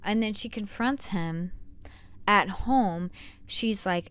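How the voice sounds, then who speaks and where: A woman's voice: medium pitch, slow, clear, resonant tone. Slangy young woman rambling book recap. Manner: slangy, rambling, sarcastic asides. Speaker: book reviewer. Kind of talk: casual book review vlog.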